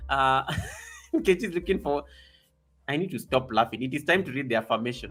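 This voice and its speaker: A man hosting a casual live stream, excitable and reading viewer comments aloud. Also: medium pitch, a little fast, long pauses.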